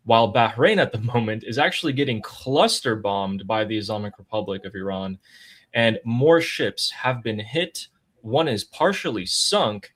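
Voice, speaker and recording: A man running through a news roundup in a brisk, announcer-like way. His voice is of middle pitch for a man. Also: a bit bright. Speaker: news analyst.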